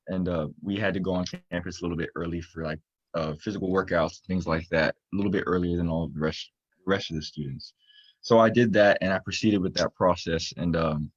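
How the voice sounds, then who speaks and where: A young man from Florida with a very low, deep voice tells his story as a guest in a casual interview. He talks earnestly and rambles with many fillers. The sound is dry and a little dull, as from a lo-fi recording. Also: no room sound. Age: young adult. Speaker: student-athlete guest.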